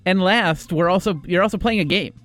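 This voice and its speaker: A man in his thirties or younger, running a tabletop game as game master, telling the story in measured narration and talking things over in a loose, rambling way. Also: high-pitched, a bit bright, faint music behind. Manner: measured storytelling, then thoughtful rambling with fillers. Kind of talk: scripted narration and casual chat.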